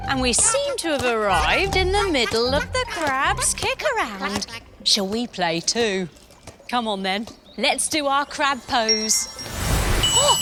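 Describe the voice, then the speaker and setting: A woman in her thirties leading a children's yoga story, playful and sing-song, with gasps and sound effects. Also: high-pitched. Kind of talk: storytelling yoga lesson for kids.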